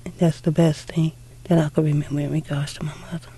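A middle-aged woman telling a heartfelt personal story in an unhurried way, acting out old conversations. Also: deep voice, little pitch movement, warm tone, breathy edge. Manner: unhurried, heartfelt, acts out dialogue. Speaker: interviewee.

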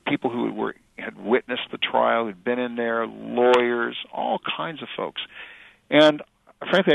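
A middle-aged male author and journalist answering interview questions in a thoughtful, halting way with many fillers and restarts. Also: medium pitch, creaky, dry recording. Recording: dry tinny phone-like radio audio.

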